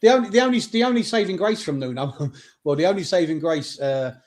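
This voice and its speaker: English guy on a football pod, bit higher voice, blunt, jokey, swears. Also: big pitch swings, quick pace, a little mellow. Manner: blunt, joking, swears casually. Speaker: podcast co-host. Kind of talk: casual football chat.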